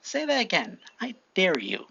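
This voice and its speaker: A woman voicing a bold, quick-tempered young male hero who talks in a mocking, defiant way. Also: mid-range voice, sing-song, creaky, a bit bright, pitched above the performer's own voice, exaggerated voice. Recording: lo-fi, faint hiss.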